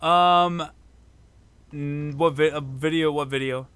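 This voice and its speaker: A man co-hosting a casual podcast, chatting loosely with many fillers and quick bursts of excitement. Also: a little high, smooth. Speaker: podcast co-host, mod maker.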